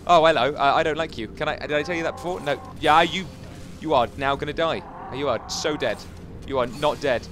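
A man giving jokey, excitable commentary as he plays a video game, chatting to his viewers and taunting enemies. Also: a little high, fast, soft background music. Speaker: gaming YouTuber. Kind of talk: casual Let's Play commentary.

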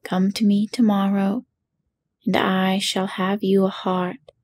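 A woman's voice: mid-range voice, flat delivery, takes it slowly, a little mellow. A woman voicing a humbled little man posing as a wizard, in whispered role-play with a meek, apologetic manner.

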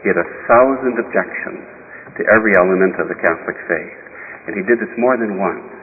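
A man, a bishop, telling a story in a sermon at an unhurried pace, with pauses and small restarts. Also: sits low. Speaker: bishop preaching. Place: church. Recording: reverberant church heard over a tinny, lo-fi line with faint hiss.

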